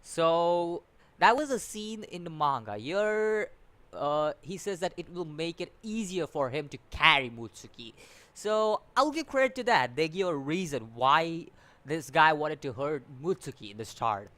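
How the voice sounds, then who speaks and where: A man's voice: fairly high pitch, lively intonation, unhurried, bright, forceful tone, dry recording. A man giving a casual, rambling review, often restarting his sentences and sounding exasperated. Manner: rambling, repeats words, many restarts and fillers; exasperated, complaining. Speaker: anime reviewer.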